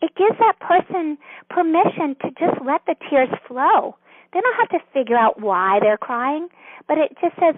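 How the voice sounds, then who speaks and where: A woman author, a guest on an interview, explaining a counseling method in a gentle, earnest, teacherly way. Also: sits high, expressive, unhurried, no room sound. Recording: dry phone-line sound.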